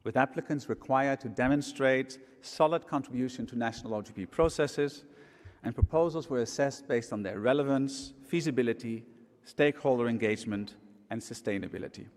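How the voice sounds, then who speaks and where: A man speaking on stage at a conference, giving an earnest, measured memorial tribute from a podium microphone. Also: mid-range voice. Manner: earnest, measured, warm remembrance. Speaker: conference speaker, program chief. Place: large conference hall stage. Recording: long hall reverb.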